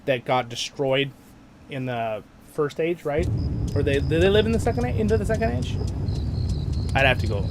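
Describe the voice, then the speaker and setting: A man hosting a casual gaming livestream, rambling and excitable as he plays and answers chat. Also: a little high. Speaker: livestream host.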